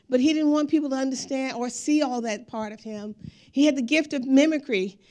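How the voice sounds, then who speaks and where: A woman gives a speech built around slides, telling family stories as she shows pictures. Her voice is high-pitched and a little mellow.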